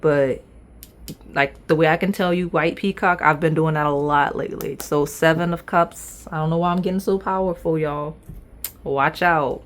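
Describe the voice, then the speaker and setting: Low-voiced woman reading tarot. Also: fairly even intonation, moderate pace. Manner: chatty, playful, talks straight to viewers. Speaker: tarot reader. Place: indoors at a table.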